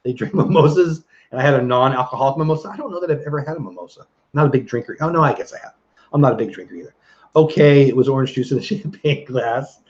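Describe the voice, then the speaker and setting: Livestream host, man, middle-aged, mid pitch, chatty, dull lo-fi audio. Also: fast. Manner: chatty, reads viewer comments aloud, laughs easily. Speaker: livestream host reading chat. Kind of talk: casual live chat.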